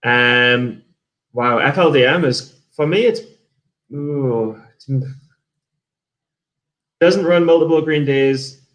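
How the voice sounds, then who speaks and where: A man's voice: medium pitch, slow, long pauses, fairly bright tone, highs cut off. Casual English man, swearing and rambling. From England. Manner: rambling, swears freely, restarts often. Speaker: day trader streamer. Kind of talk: casual livestream chat reviewing trades and reading viewer messages.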